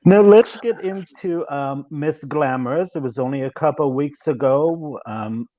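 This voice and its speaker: A man hosts a live online talk show, reading viewers' chat questions aloud and heaping lengthy praise on his guest. His voice sits on the high side, mellow and measured in pace.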